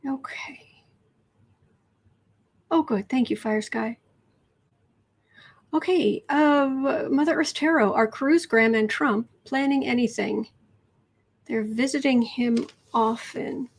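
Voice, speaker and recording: A woman's voice: fairly high pitch, slow pace, pauses often. A woman doing a casual tarot reading on a livestream, chatty and rambling, sometimes dropping into whispered asides. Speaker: tarot reader.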